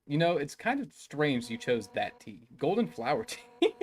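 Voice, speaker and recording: A man's voice: on the high side, sing-song, normal speed, husky. Undyne, a brash fish warrior captain, read by a man. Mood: boastful, casual. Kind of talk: reading game dialogue aloud on a live stream.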